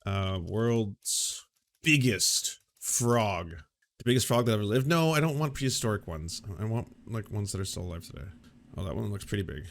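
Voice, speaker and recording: A man's voice: lowish voice, animated, moderate pace, fairly bright tone. A man co-hosting a casual commentary show, rambling and goofy, often restarting sentences. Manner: goofy, rambling, self-interrupting. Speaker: co-host.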